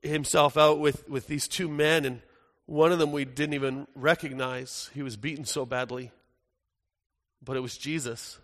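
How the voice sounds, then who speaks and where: A man's voice: medium pitch, steady tone, moderate pace, lightly acted. A man playing the apostle John, earnest. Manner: earnest, swings from hushed to loud and urgent. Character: apostle John, older man recounting the crucifixion. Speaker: dramatic monologue performer. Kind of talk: first-person dramatic monologue. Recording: echoey hall with long reverb.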